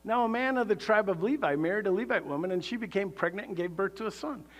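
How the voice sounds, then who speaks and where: A man preaching a sermon, animated and conversational, asking the congregation rhetorical questions and laughing between points. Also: high voice, fast. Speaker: pastor.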